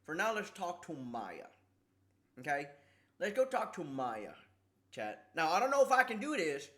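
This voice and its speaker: High, bright-voiced streamer with a lisp. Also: male voice, sing-song. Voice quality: slight lisp. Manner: halting, repeats words, struggles with S sounds. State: sore tongue from a canker sore. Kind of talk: casual livestream chat.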